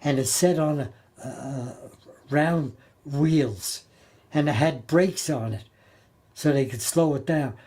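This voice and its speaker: An older man recalling his time as a Navy sailor in a halting, plain-spoken way, often repeating and restarting his words. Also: fairly high pitch, mellow. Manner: plain-spoken, colloquial grammar. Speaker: Navy veteran interviewee. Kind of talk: oral history storytelling.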